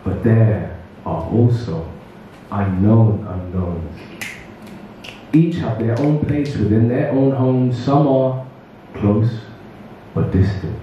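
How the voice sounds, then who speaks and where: A man performs spoken word poetry in a slow, measured rhythm, dropping into casual asides between pieces. His tone is mellow and dark, and he sounds distant, as if picked up from across an echoey room. The sound is muffled and dull. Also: fairly low pitch, a little hiss or hum. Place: open mic event venue.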